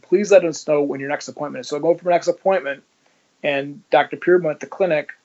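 Brief: male guest, slightly high voice, lively blunt storyteller who acts out dialogue, muffled lo-fi recording. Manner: vivid, swears, acts out dialogue. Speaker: interview guest. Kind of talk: personal storytelling. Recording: dull lo-fi sound.

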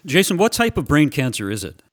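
A man's voice: on the high side, sing-song, fairly quick. A man interviewing a guest, asking plain questions with some hesitant fillers.

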